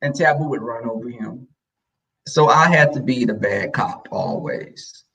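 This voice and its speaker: A man's voice: medium pitch, measured pace, vocal fry, recorded from a distance, low-quality recording. A man telling family stories in casual chat, blunt and slangy, acting out the voices of the people he quotes. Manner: animated, acts out quoted voices.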